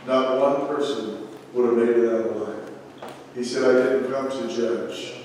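A man preaching in a big church, earnest and emphatic as he repeats his points. His voice sits at a middle pitch and rings with a long, heavy echo. He is caught from far off, with faint room noise behind him. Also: steady tone, measured pace, a little mellow. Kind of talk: sermon. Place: church hall.

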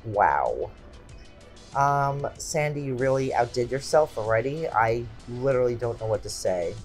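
A woman's voice: rumbling low, expressive, unhurried, a little mellow, faint music behind. A woman in her forties hosting a craft channel, chatting casually and exclaiming often as she unboxes gifts at home.

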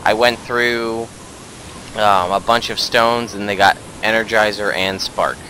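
Man, lowish bright voice, excitable fanboy, casual gaming chat, faint hiss behind. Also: unhurried, poor audio. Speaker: let's play host.

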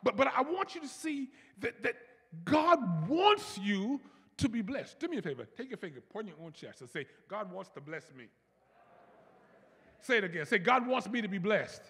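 Bishop preaching, high gravelly voice, big hall echo, leads the crowd in repeat-after-me. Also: male voice, moderate pace. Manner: animated preaching, repeats words, leads congregation call-and-response. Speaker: pastor. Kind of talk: sermon. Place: large church.

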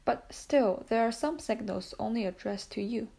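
Suave probing count, measured delivery; woman reader. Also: fairly high pitch, gravelly, dark tone. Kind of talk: audiobook character reading.

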